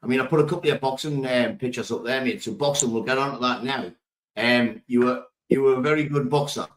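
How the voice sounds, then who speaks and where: A man hosting a casual interview, asking soft, hesitant questions. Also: medium pitch, fairly quick. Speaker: podcast host.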